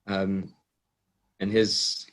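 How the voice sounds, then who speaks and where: A young man from England speaks as a guest in a casual interview. His voice sits somewhat low and stays fairly flat in pitch. He tells stories in a relaxed way, with plenty of ums and small restarts. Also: drawn-out words. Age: young adult. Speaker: guest athlete.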